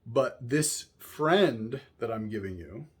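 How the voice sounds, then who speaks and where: A man's voice: mid-range voice, lively intonation, takes it slowly, breathy edge. A man teaching a music lesson, explaining patiently and often checking in with "right?", singing short examples between explanations.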